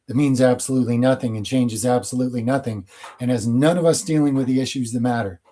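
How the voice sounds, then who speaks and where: A man's voice: mid-range voice, fairly even intonation, quick pace, dark tone. A man hosting his channel, answering viewer questions in a casual, rambling monologue with blunt opinions.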